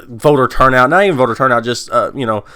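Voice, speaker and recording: A man hosting his own channel, chatting casually and excitedly, rambling and laughing often. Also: medium pitch, fast, smooth. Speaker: commentary channel host. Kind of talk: casual vlog chat.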